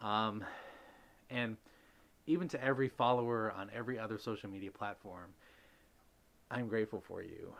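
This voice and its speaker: A man hosting a live stream, speaking in a heartfelt, rambling way with many fillers, greeting viewers and reading chat messages aloud. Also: lowish voice. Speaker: livestream host.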